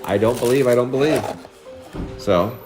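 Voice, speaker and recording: A man's voice: medium pitch, normal speed, music in the background. A man in his forties from Oregon, chatting casually on a live card break stream, telling rambling stories with frequent chuckles. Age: 40s. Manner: rambling storyteller, chuckles often.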